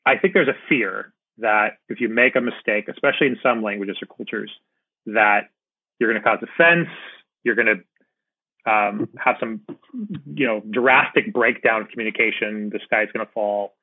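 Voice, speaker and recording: A man's voice: lowish voice, normal speed, dry recording. Easygoing guy hosting a podcast chat, sounds like a phone call. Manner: casual, agreeable, animated when telling stories. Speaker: podcast host. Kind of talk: conversational interview. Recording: phone-like remote call audio.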